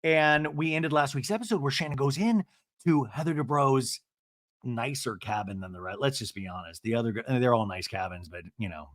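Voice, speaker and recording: A man's voice: mid-range voice, brisk, fairly bright tone. A man hosting a podcast, recapping a reality TV episode in a gossipy, profane, self-mocking way. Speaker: podcast host.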